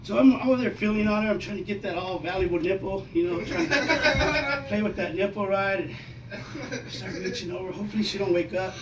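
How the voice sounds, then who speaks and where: A man in his fifties doing a stand-up comedy set, telling profane, loud, animated stories. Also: high-pitched, brisk. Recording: echoey room, mic heard from a distance, noisy.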